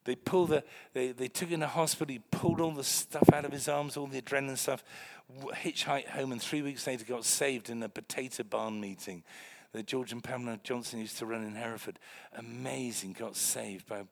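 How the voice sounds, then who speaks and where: A man preaching a sermon, telling stories and swinging from hushed to loud. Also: medium pitch, brisk, creaky, few pauses. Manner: animated, swings from quiet to loud. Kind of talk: sermon with storytelling.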